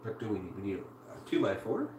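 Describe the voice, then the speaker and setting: Woman from Canada, very deep voice, casual streamer chat, faint hiss. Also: sing-song, brisk. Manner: chatty, answers viewers while building. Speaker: live streamer. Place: home room. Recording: roomy, distant mic with faint hiss.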